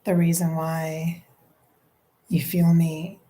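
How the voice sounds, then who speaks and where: A woman's voice: deep voice, monotone, slow pace, dark tone. A woman psychic medium on a live stream, relaying messages emotionally and dropping into whispered asides. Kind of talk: live-stream channeling session.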